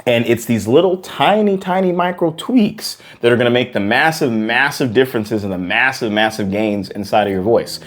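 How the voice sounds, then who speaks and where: A man's voice: medium pitch, animated, moderate pace, few pauses. Earnest male vocal coach, piano behind. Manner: earnest, repetitive, encouraging. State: out of breath after exercises. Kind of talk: singing lesson with demonstrations.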